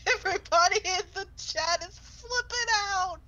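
A woman in casual chat who reacts with quick, giggly comments. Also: very high-pitched, pushed and bright, slight background noise.

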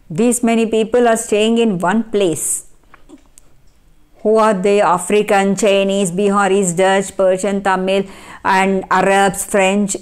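A woman teaching an English textbook lesson with an Indian English accent, asking herself questions and answering them, repeating key phrases. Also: mid-range voice. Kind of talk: classroom lecture explaining a textbook lesson.

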